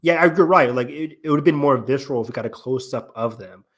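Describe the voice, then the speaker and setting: A man's voice: medium pitch, fast talker. Rambling male podcast host. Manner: rambling, thinks aloud with many "like"s. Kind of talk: casual discussion.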